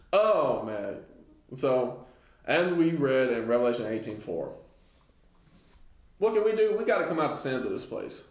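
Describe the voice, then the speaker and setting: Man, Bible teacher, casual lesson, reads scripture slowly, keeps asking "right?", echoey room. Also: medium pitch, very animated.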